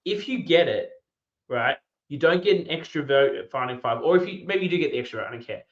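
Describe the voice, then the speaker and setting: A man hosting a casual podcast chat, enthusiastic and quick to restart his sentences. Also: a little high, animated, muffled recording. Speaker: podcast host.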